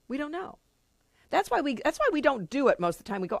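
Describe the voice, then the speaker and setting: A woman's voice: high-pitched, very animated, brisk, gravelly, no room sound, studio quality. A middle-aged woman leading a spiritual study group in an earnest, conversational way, now and then acting out little quoted inner voices. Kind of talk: informal spiritual teaching to a live group.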